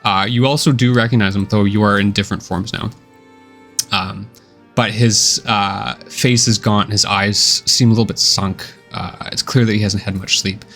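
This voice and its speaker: Male game master, low gravelly voice, easygoing scene-setter for a tabletop session. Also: moderate pace, soft background music. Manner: relaxed, descriptive, many uh and kinda fillers.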